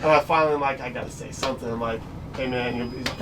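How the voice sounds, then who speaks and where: A man's voice: medium pitch, steady tone, fairly bright tone. A man, a guest in a casual chat, telling a story wryly, swearing and acting out the other people in it. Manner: quick, wry, swears, acts out the other people in his story. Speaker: guest, pitcher. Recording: far from mic with faint noise.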